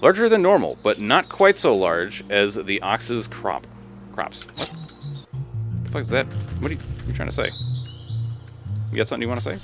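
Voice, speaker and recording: A man's voice: medium pitch, expressive, moderate pace, creaky, pauses often, music in the background. A man streaming a video game, reading its text aloud and reacting with jokes and frequent swearing. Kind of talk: casual gaming commentary.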